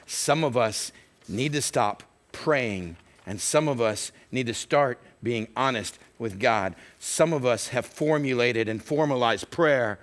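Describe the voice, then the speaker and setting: A male pastor delivering a sermon, telling stories animatedly and acting out quotes. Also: medium pitch. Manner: animated storytelling with acted-out quotes.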